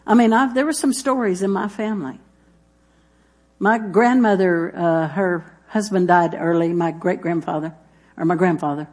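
A woman's voice: on the low side, moderate pace, a little mellow. Woman preacher, emphatic, repetitive delivery, addresses the congregation directly. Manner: emphatic, repeats phrases, talks straight to listeners. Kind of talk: sermon.

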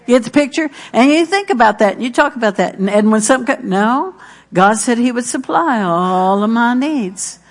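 Emphatic higher-pitched woman preacher. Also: expressive, moderate pace. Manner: earnest and emphatic, repeating key phrases. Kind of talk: sermon.

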